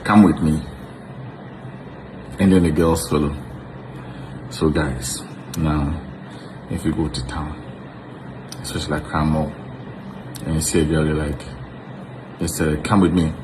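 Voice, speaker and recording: A man's voice: rumbling low, level tone, measured pace, pauses often, noisy background. A man with a Ghanaian accent giving casual, mocking commentary to his viewers, sounding incredulous.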